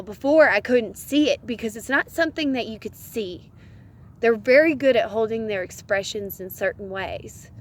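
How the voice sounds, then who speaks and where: A woman's voice: fairly high pitch, moderate pace. A woman giving relationship advice in a casual vlog, earnest and laughing often between phrases. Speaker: vlogger.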